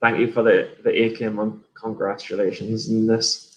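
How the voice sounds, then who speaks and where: A man's voice: fairly low pitch, little pitch movement, normal speed. A man from England with an English accent, chatting casually on a livestream about his trades and reading out viewer messages. He rambles, swears freely and often restarts his sentences. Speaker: day trader streamer.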